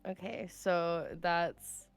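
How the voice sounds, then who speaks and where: Smooth, low-voiced woman player. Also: steady tone, extremely slow, soft background music. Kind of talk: casual role-play banter.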